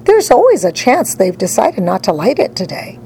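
A woman voicing a calm, breezy, whimsical man who owns a candy factory in a storybook reading. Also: mid-range voice, moderate pace, slight background noise, poor audio.

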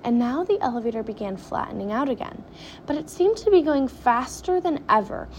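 A woman reading a children's story aloud with dramatic, animated pacing. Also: fairly high pitch, brisk, slight background noise. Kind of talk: expressive storybook read-aloud.

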